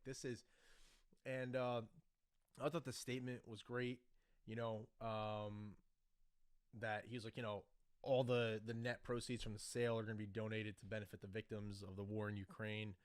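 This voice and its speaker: A man's voice: lowish voice, no echo, studio quality. A man hosting a casual solo podcast, rambling through his thoughts with many fillers and restarts. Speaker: podcast host. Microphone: desk microphone.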